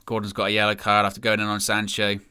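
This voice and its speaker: A man commentates live over a match, ranting with weary sarcasm about his side. His voice is bright and forward, and his delivery swings between flat disbelief and raised frustration. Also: on the low side, fast talker, clean tone. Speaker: fan channel presenter.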